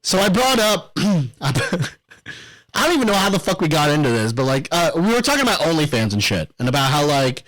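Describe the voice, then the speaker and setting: A man's voice: a little high, sing-song, moderate pace, fairly bright tone, low-quality recording. A young adult man co-hosting a casual podcast, rambling and profane, often breaking into laughter. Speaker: podcast co-host.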